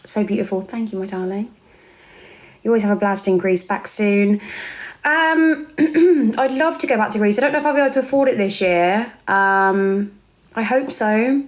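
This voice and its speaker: A woman's voice: mid-range voice, normal speed. Chatty English woman on a live stream. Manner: chatty, reads viewer comments aloud, calls people darling. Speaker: livestreamer. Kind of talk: casual live-stream chat.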